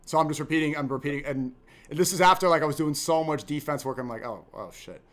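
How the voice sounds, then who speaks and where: A man of Haitian family talking fast and animatedly on a live stream, stumbling over repeated words as he argues his point. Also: fairly high pitch, fairly bright tone. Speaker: streamer and host. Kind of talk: casual live-stream debate.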